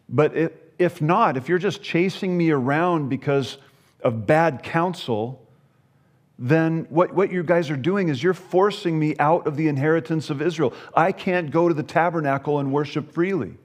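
A man with a somewhat higher voice works through a Bible passage. He reads the verses aloud, then explains them in easy, conversational teaching, often doubling his words as he thinks. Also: a little mellow.

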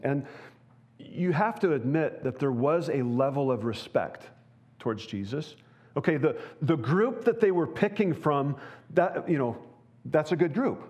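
A man's voice: fairly high pitch, a little mellow. A male pastor delivers a sermon in church. He speaks earnestly and conversationally, often turning to the congregation with rhetorical questions.

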